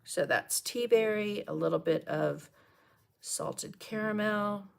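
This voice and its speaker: A woman's voice: medium pitch, slow pace, gravelly. A chatty middle-aged woman teaching a live painting lesson, talking viewers through each brush step. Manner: chatty, greets viewers and coughs and laughs between steps.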